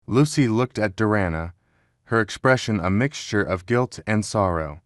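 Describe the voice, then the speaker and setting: A man narrating a scripted dramatic story in an even, measured reading. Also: lowish voice, no echo, clean studio sound.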